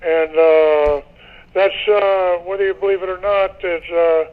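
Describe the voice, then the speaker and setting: A man's voice: high voice, fairly even intonation, a little slow, narrow, tinny audio. An older man, a radio interview guest, talking in a rambling casual way and often repeating himself.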